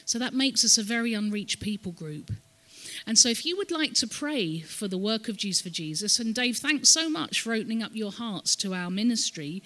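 A woman's voice: on the high side, big pitch swings, normal speed, a bit bright. A woman speaking as a visiting ministry guest at a church, telling the story and having the audience repeat words after her. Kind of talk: church talk, teaching. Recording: long reverb of a church hall.

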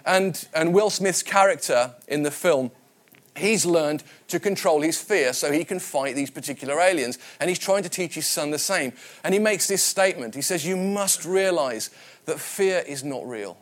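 A man's voice: a little high, moderate pace. A man from the West Midlands preaching a sermon, telling personal stories in a conversational way and often repeating his words. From West Midlands, England. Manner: conversational and anecdotal, with frequent repetitions.

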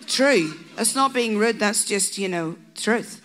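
A woman's voice: medium pitch, animated, slow, few pauses. A middle-aged woman preaching a sermon, mixing humorous asides with passionate, rising exhortation. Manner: humorous asides that build to a passionate shouted climax.

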